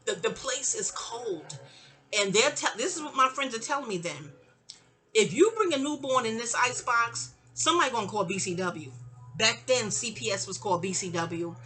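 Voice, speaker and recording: A woman's voice: on the high side, animated, a little fast, pushed and bright, soft background music. A middle-aged woman telling a long personal story in a casual, rambling way, often digressing. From New York.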